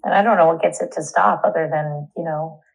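Low gravelly woman recounting her arrest. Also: fairly even intonation, low-quality recording. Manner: candid, indignant, halting with restarts and fillers. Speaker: interviewee. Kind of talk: personal testimony in an interview.

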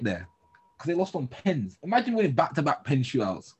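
A man's voice: on the high side, wildly swooping pitch, fairly quick, a little mellow, husky. A young man from Birmingham, co-hosting a casual football chat podcast in a laid-back, jokey, slangy way. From Birmingham, England. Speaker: podcast co-host.

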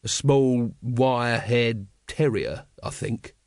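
A man's voice: medium pitch, slow pace, darkish tone, dry recording. A man voicing a weary, dry watch captain who speaks mildly.

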